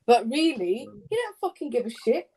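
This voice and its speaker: A woman's voice: fairly high pitch, very animated, moderate pace, crowd noise, low-quality recording. A woman hosting a heated panel debate, talking bluntly and swearing. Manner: blunt, swears, mocks in put-on voices.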